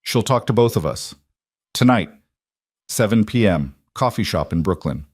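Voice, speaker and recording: A man reading as a nervous woman, keep it low, hesitant and dry. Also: animated, normal speed, a little mellow, no echo. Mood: anxious. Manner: anxious, hesitant. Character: frightened woman seeking justice.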